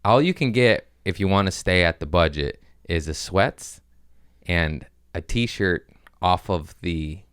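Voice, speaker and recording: Profane, rambling comedian man, smooth low voice. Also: a little slow, no echo, clean studio sound. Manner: rambling, profane, animated impressions. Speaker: podcast host. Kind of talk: casual comedic storytelling.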